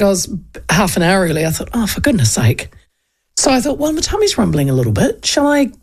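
A middle-aged New Zealand woman hosting a radio show, telling a story in a chatty, animated way with frequent laughs. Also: mid-range voice, creaky. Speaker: radio host. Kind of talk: casual storytelling chat.

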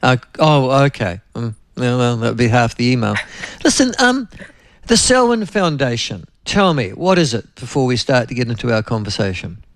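A man's voice: mid-range voice, very animated, normal speed, dry recording. A man with a New Zealand accent hosting a radio talk show, chatting in a rambling, anecdotal way and often turning to his co-host.

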